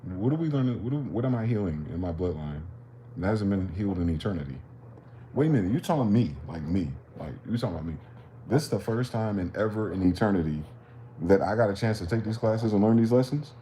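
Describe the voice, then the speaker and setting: Low-voiced man musing in street slang. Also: animated, fast talker, dark tone, slight background noise. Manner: profane, questioning, street slang. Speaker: livestream host. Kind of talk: rambling philosophical monologue.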